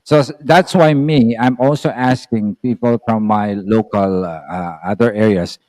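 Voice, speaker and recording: A Filipino man with a Filipino accent, chatting casually as a host on a video call and explaining things slowly with examples. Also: fairly low pitch, fairly even intonation, darkish tone, no room sound, low-quality recording. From Philippines. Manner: explains slowly, with repeated examples and filler sounds. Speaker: channel host.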